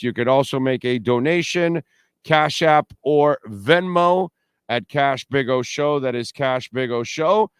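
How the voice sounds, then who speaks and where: A brash, trash-talking middle-aged man hosts a postgame sports show. His voice is smooth and resonant, and it sounds close and dry with no room around it. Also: medium pitch, unhurried, no echo. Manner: brash, trash-talking, reads sponsor plugs and super chats. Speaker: sports talk show host. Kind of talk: casual postgame livestream talk.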